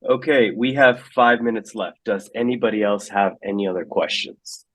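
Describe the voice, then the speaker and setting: A man hosting an online meetup, relaxed and halting, with plenty of fillers, on a video call. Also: lowish voice, no echo. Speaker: meetup host. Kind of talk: casual hosting.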